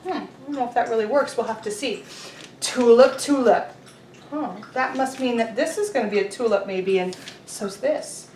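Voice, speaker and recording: A woman teaching young children in an online class, leading calendar time and storytime in a gentle, encouraging way. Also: fairly high pitch, brisk, a little hiss or hum. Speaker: preschool teacher.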